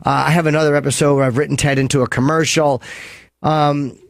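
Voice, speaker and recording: A man's voice: on the high side, level tone, fast, creaky, no echo, clean studio sound. A man hosting a radio show and taking calls, talking in a rambling, crude way that keeps breaking off and restarting. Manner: rambling, self-interrupting, crude. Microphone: studio microphone.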